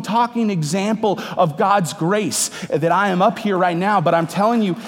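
A pastor in his thirties preaches to his congregation in a church hall, keeping it conversational and joking with the room. His voice sits high with a breathy edge, and the recording carries the reverberation of the hall.

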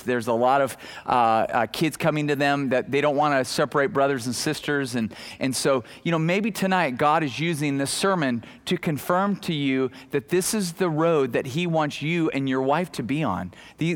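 A man preaching a sermon as pastor, animated and conversational, acting out the people in the story, with many fillers and restarts. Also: a little high.

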